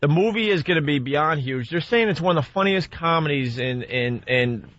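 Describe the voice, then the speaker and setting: Brief rambling male radio host, fairly high voice, dull broadcast sound. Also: moderate pace, no echo. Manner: rambling, excitable, many restarts. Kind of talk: casual radio banter.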